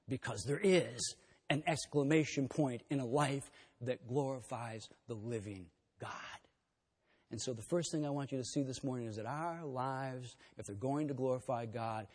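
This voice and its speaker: A man preaching a sermon to his congregation, swinging between loud emphatic points and hushed intimate asides. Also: medium pitch. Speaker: pastor. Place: church sanctuary. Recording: breathy voice in a long-reverb hall.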